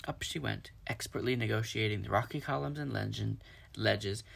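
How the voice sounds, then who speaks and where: Gravelly, husky man reading a story aloud. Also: on the low side, normal speed, fairly bright tone. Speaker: reader.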